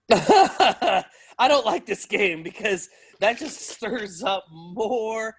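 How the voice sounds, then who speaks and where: A man from the United States co-hosts a relaxed podcast chat, speaking openly and often laughing between his words. His voice is a bit higher than most men's. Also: drawn-out words, breathy edge. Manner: candid, laughs often while talking. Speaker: co-host. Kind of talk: casual chat.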